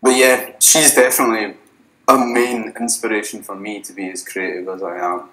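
In an echoey room, a young man makes casual podcast-guest conversation, meandering and relaxed, with plenty of cursing. His lowish, bright voice is forceful, shows little pitch movement, and keeps a moderate pace.

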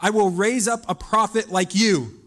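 A male pastor preaching with a voice set somewhat high for a man. He shifts from soft, reflective storytelling to raised, urgent exhortation, pushing the congregation to respond. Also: moderate pace. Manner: animated preaching, builds from quiet musing to loud urging. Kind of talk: sermon.

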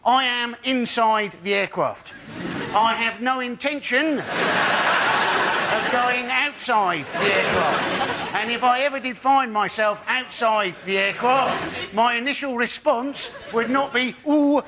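A man with a very high voice delivers observational stand-up in a dry, deadpan way. The recording is noisy, with a studio around him. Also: takes it slowly. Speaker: stand-up comedian. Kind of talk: stand-up routine.

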